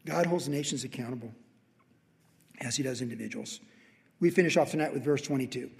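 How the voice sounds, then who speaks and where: A man's voice: mid-range voice, a little fast, gravelly, pauses often. A middle-aged man teaching verse by verse as a pastor, emphatic and conversational, with frequent restarts. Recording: long reverb of a large hall.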